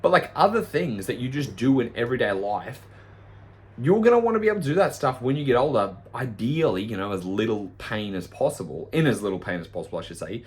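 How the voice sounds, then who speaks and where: A man's voice: mid-range voice, sing-song, fast talker. A man, a fitness coach ranting bluntly and profanely in a casual podcast monologue.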